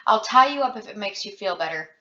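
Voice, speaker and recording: A woman's voice: medium pitch, expressive, fast, pushed and bright. A woman voicing a desperate young man, pleading urgently with his friend in a raised voice. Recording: roomy, dull lo-fi home recording.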